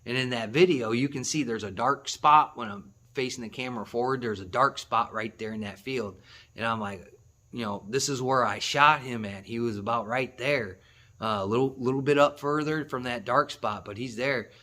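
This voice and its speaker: On his hunting channel, a man excitedly rambles through a story for the camera, breaking into laughs and restarting his sentences. He talks at a normal speed in a mid-range voice.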